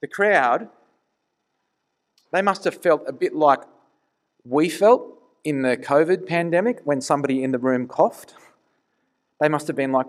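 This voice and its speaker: Male preacher, fairly high voice, earnest conversational sermon delivery. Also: a little slow, long pauses. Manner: conversational, earnest, rhetorical questions.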